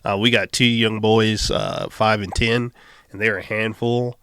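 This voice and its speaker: Low dry-voiced man, guest chatting. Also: steady tone, measured pace, creaky, fairly bright tone, clear, resonant tone, dry recording. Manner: laughs often while telling stories. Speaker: podcast guest. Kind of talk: casual chat.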